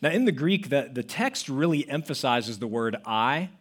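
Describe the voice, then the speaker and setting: Here a pastor's husky, expressive voice holds a medium pitch and a moderate pace. Emphatic in his sermon, he leans on key words and tells stories with acted-out quotes.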